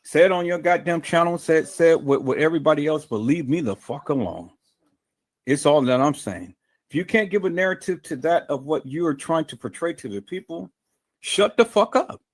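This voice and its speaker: A man's voice: on the high side, animated, a little fast. Furious profane man ranting on a livestream. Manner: profane, combative, repetitive stammering restarts. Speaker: livestream host. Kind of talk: angry livestream rant. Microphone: streaming mic.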